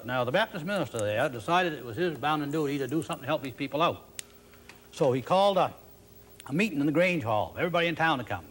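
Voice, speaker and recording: Sex: man. Role: storyteller. Style: relaxed, wry, folksy yarn-spinning. Pitch: medium. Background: faint noise.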